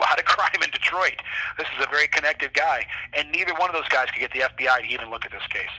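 A man with a very bright, edgy tone and a husky grain tells his story in a casual interview. He talks with animation, swears freely and acts out the voices of people he quotes. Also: on the high side, low-quality recording. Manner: acts out what others said to him. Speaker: interview guest.

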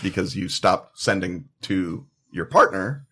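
A man's voice: deep voice, unhurried, bright, forceful tone, breathy edge. A man narrating as game master for a tabletop game, with many fillers. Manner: hesitant, lots of fillers.

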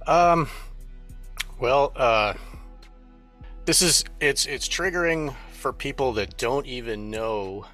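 Slow, hesitant man podcast guest. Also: mid-range voice, fairly bright tone, soft background music. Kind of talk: casual interview talk.

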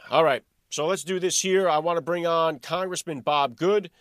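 Host, male, high voice, sarcastic and animated monologue, dry close mic. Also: a little slow, dry recording. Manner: animated, sarcastic, rhetorical questions. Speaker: podcast host. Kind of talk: political commentary monologue.

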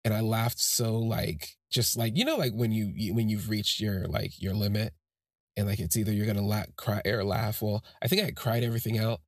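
A man's voice: lowish voice, brisk, no room sound, studio quality. A man hosting a podcast, telling a personal story in a rambling, heartfelt way with many fillers and restarts. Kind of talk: casual spoken storytelling.

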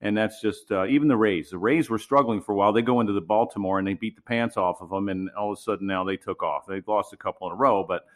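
A former player, a man, breaks down the pennant race in loose casual sports talk. He rambles and restarts his sentences, and gets animated as he goes. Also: on the low side, fast, few pauses. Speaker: former baseball player, co-host.

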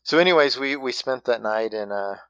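A man casually telling a hunting story in a halting way, with many restarts and fillers. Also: medium pitch, animated, a bit bright, clear, resonant tone, no echo, dull audio.

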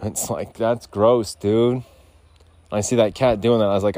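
Low-voiced man rambling casually outdoors. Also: steady tone, measured pace, mellow. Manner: loose, profane, digressive. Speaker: podcast host. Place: outdoors on a rural lot.

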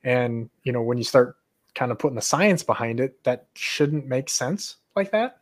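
A man who runs fishing charters, hosting a podcast and talking fishing in casual chat, animated and quick to repeat himself when excited. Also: medium pitch.

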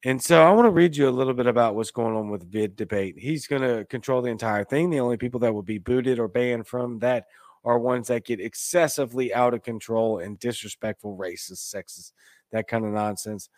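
A man hosts a casual livestream chat in a loose, rambling way, swinging between loud bursts and muttered asides. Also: medium pitch, fairly quick, no echo. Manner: loose and rambling, with swerves in loudness and pace. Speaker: host.

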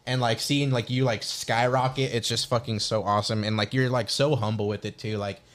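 A man's voice: mid-range voice, steady tone, brisk, fairly bright tone. A young man hosting a podcast, rambling and profane, with constant "like" fillers. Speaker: podcast host. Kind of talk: casual podcast chat.

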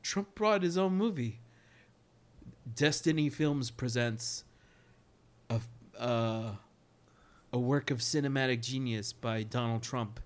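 A man hosting a casual podcast chat, talking emphatically and swearing freely, his pitch climbing when he gets worked up. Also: takes it slowly, long pauses. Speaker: podcast host.

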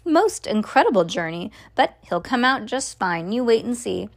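A woman reading a storybook aloud, voicing a calm, whimsical chocolate-maker with breezy reassurance. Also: on the high side, moderate pace, creaky, exaggerated voice. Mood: soothing. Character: whimsical, unflappable chocolate-maker, adult man.

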